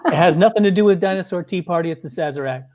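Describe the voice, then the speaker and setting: A man co-hosting a live game stream in casual chat, making relaxed, dry remarks. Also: high-pitched, rapid-fire.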